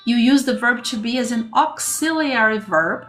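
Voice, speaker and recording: A woman's voice: on the high side, moderate pace, fairly bright tone, soft background music. A woman teaching an English grammar lesson on a livestream, chatting with viewers and greeting them by name.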